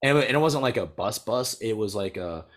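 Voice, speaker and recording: Husky young man rambling through a story. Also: fairly low pitch, animated, brisk. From United States. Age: young adult. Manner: rambling storyteller, many "like"s, laughs often. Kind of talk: casual chat.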